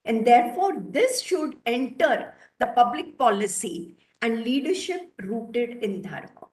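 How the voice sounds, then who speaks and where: A woman with an Indian English accent tells a moral story slowly and earnestly, her voice a touch high. Her words ring in a roomy, echoey space over a webinar call. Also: sing-song, darkish tone. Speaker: webinar speaker. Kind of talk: storytelling talk.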